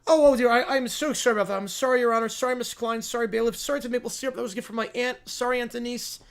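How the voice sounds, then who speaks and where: A man's voice: very high-pitched, steady tone, racing, gravelly, fairly bright tone, clean tone, heavily acted. A bumbling Canadian lawyer, put on by a man stumbles through his words. He stammers, repeats himself and apologizes to everyone in sight. His voice is jittery and eager in a comedy courtroom skit. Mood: flustered.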